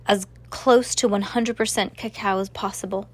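A woman voicing a gentle, soft-spoken blind male chef in a read-aloud story, slow and measured. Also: mid-range voice, fairly even intonation, slightly rough, dry recording, close to an everyday voice. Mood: instructive.

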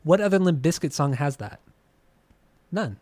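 A man co-hosts a casual music podcast, gushing, swearing and teasing his friend with plenty of laughs. His voice sits a little high, and it is recorded close and dry with no room sound. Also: lively intonation, moderate pace, darkish tone, no room sound. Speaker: podcast co-host.

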